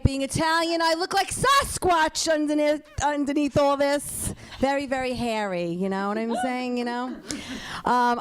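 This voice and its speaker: A female stand-up comic, brash and self-mocking. Her voice is high and swoops around a lot as she chats through her set. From Sicilian family.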